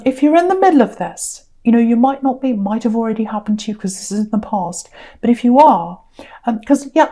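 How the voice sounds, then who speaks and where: A woman giving a casual spoken tarot reading, chatty and rambling with many ums and restarts, offering gentle reassuring advice. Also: medium pitch. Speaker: tarot reader.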